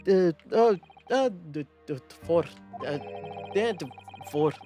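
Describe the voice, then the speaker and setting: A man's voice: fairly high pitch, animated, slow, dark tone, faint music behind. Rambling man streaming a game. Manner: rambling, filler-heavy. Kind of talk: casual gaming stream chat.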